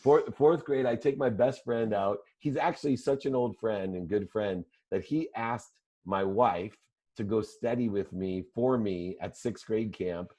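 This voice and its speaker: Low, dark-voiced male guest storyteller. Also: unhurried. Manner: animated storyteller, leans on repeated phrases. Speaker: interview guest. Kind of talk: personal storytelling in conversation.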